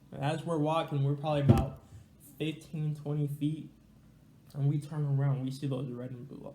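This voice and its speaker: A man's voice: fairly high pitch, mellow, echoey room, a little hiss or hum. A young man telling a casual, slangy, rambling story to his viewers. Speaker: storyteller vlogger.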